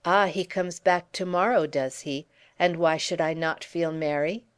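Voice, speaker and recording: Woman narrator doing a teasing, courtly gentleman, lower voice, audiobook. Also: steady tone, measured pace, clear, resonant tone, close to an everyday voice. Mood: mocking. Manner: grandly polite, teasing, exclaiming. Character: theatrical French nobleman, mocking and flamboyant. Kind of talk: audiobook character voice.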